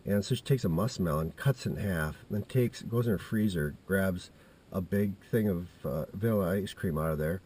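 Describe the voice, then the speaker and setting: Low husky man in his fifties. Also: moderate pace, a little mellow. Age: 50s. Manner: meandering, with many restarts and asides. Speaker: vlogger telling a personal story. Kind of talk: casual rambling storytelling.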